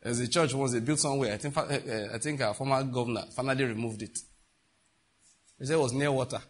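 A man's voice: mid-range voice, quick pace. A middle-aged man, preaching a sermon emphatically and asking the congregation rhetorical questions. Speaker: pastor.

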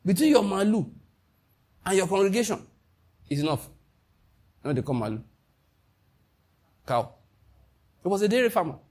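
A man with a Nigerian accent preaching a sermon as pastor, emphatic and animated, with Pidgin asides. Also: high voice, moderate pace, long pauses, breathy edge.

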